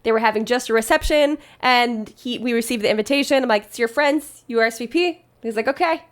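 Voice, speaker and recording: A woman's voice: a little high, a little fast. A woman wedding planner reacting to posts in casual, chatty commentary, laughing often.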